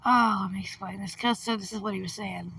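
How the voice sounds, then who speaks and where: A woman's voice: mid-range voice, fairly even intonation, brisk, creaky, pushed and bright, slightly rough, distant mic. A woman with a cold, chatting casually and reading a chatbot game's lines aloud with a laugh. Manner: chatty, laughs often, calls out characters. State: has a cold. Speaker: gaming vlogger.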